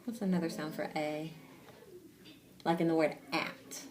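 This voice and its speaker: A patient woman teacher giving a one-on-one reading lesson, coaxing a child along with gentle questions. She slows right down to stretch out sounds piece by piece and keeps her praise steady. Her voice sits somewhat low for a woman. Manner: patient and encouraging, sounds out words slowly and asks guiding questions.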